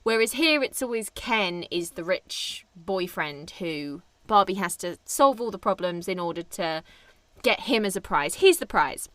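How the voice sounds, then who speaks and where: A woman's voice: fairly low pitch, lively intonation, measured pace, a bit bright, no room sound. A young woman co-hosting a film podcast, chatting casually and enthusiastically, laughing often. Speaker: podcast co-host.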